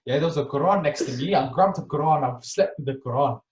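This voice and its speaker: Animated young man, distant roomy mic. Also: a little high, quick pace, slight background noise. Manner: animated, acts out scenes, tags lines with "yeah?". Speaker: podcast co-host. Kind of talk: casual storytelling.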